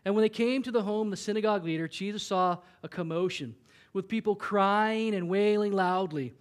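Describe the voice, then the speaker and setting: High-voiced man preaching a sermon. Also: brisk, clear, resonant tone. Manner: conversational preaching, acts out voices of Bible figures. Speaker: pastor. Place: church.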